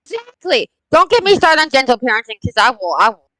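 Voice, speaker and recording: A woman's voice: sits high, fast, dry recording, poor audio. A woman in her forties, a mother of four, chatting bluntly and emphatically, telling stories with force. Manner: blunt, emphatic, animated storytelling. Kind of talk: casual chat.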